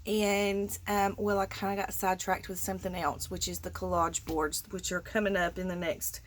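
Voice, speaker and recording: A woman's voice: mid-range voice, flat delivery, moderate pace, slight background noise. A middle-aged woman from Georgia with a Southern accent, chatting casually and effusively to her viewers. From Georgia, USA. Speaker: crafting vlogger. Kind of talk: casual chat unboxing mail.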